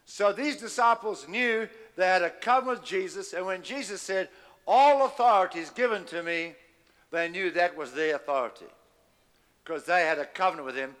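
A man's voice: high-pitched, moderate pace, pushed and bright, in a large hall. A man preaching a sermon, emphatic and calling on the congregation to repeat after him. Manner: emphatic, call-and-response with the congregation. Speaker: pastor.

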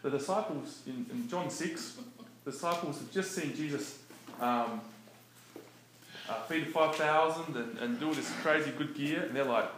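Animated preaching man in echoey room. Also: fairly high pitch, normal speed. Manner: animated, conversational, laughs often. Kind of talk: casual teaching talk. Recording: echoey room with faint noise.

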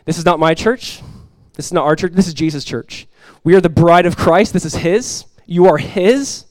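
A man preaching a sermon as pastor, conversational and lively, telling stories and acting out quoted voices. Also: on the high side, normal speed, no room sound.

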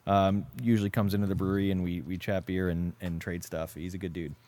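A Canadian man appearing as a guest on a podcast, chatting casually about his work at a brewery. His voice is low, and his manner stays relaxed, with his sentences often fading down quietly as he finishes. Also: brisk. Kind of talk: casual chat.

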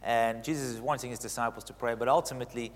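A man preaching a sermon who gets animated, swinging in pitch and loudness as he drives his points home. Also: fast, long reverb tail.

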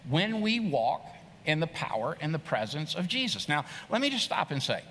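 Emphatic preaching man, high bright voice. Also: big pitch swings, normal speed, slightly rough. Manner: earnest, emphatic preaching with repeated phrases. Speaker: pastor. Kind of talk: sermon. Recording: long reverb of a large hall.

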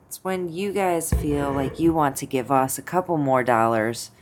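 A woman's voice: deep voice, normal speed, music in the background. A woman co-hosting a podcast in casual banter, matter-of-fact and dry as she reads out supporters' names. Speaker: podcast co-host.

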